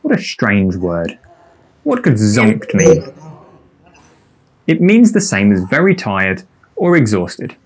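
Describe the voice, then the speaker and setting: A man's voice: on the low side, wildly swooping pitch, takes it slowly, pauses often. A man explaining English slang words with example sentences in a scripted lesson. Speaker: lesson narrator.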